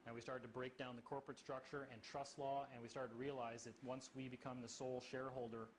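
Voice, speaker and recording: A man tells a story in casual talk, halting often and filling gaps with fillers. Faint noise hums behind him. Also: mid-range voice, little pitch movement, low-quality recording.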